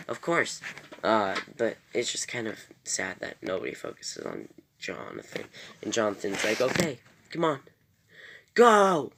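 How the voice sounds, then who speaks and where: A man's voice: on the low side, creaky, sharp tone, slight background noise. A man casually recapping a TV episode in a rambling way, full of fillers and self-corrections. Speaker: TV episode reviewer.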